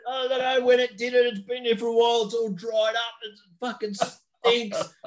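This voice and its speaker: A man doing an impression of his older father, shouting crude complaints in a high, strained voice. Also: flat delivery, moderate pace, background noise. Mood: disgusted. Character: panicky older dad, yelling crude complaints.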